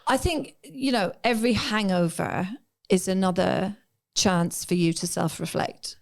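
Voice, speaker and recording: A woman's voice: medium pitch, unhurried, creaky, darkish tone. A middle-aged woman from England raised in Ireland, a guest on a podcast, talking frankly and reflectively, and acting out her own past thoughts. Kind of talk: candid podcast conversation.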